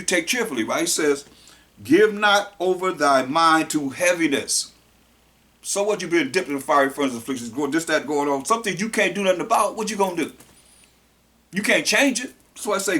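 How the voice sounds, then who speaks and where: A man teaching a sermon. He reads verses slowly and explains them in loose casual talk, often repeating words and phrases. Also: a little high, a bit bright. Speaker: preacher.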